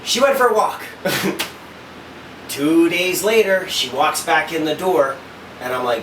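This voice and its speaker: A slightly high-voiced man tells a rambling story, swearing often and jumping into the voices of the people in it. He sounds far from the mic, and the room around him rings with echo. A faint hiss sits under everything. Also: unhurried. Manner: animated, profane, acts out quoted dialogue. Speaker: father and husband. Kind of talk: casual storytelling. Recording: roomy echo, distant mic, faint noise.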